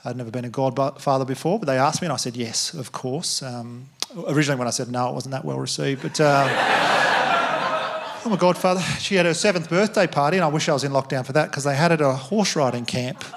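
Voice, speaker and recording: A man's voice: medium pitch, quick pace, noisy background. A man doing stand-up, telling a story in a self-mocking way and acting out the voices of the people in it. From Australia. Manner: animated, self-mocking, acts out quoted voices. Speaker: stand-up comedian. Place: theatre stage before a live audience.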